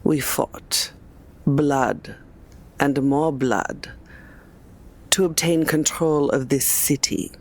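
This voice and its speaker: A woman's voice: sits low, steady tone, drawn-out words, long pauses, heavily acted. A woman voicing an imperious female vampire leader giving a formal rallying speech.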